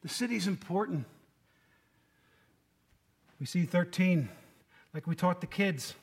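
A man's voice: sits high, takes it slowly. A man preaching a conversational sermon, folksy and quizzing his listeners by name. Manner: folksy, asks the congregation questions by name.

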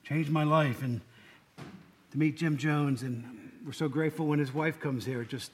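A man's voice: fairly high pitch, steady tone, normal speed, slight background noise. A man giving a casual, joking sermon to a congregation, often asking them questions. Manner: chatty, joking, asks the room questions. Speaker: lay preacher.

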